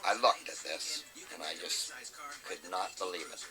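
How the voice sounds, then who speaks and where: A man's voice: deep voice, animated, a little slow, music in the background, low-quality recording. A middle-aged man, a plumber telling a work story in a blunt, salty way. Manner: blunt, salty, swears freely. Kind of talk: casual storytelling.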